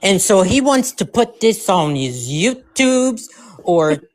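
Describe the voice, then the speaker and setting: A woman's voice: mid-range voice, sing-song, slow pace, a little mellow. A woman on a live-stream panel delivering a rambling, theatrical comic rant.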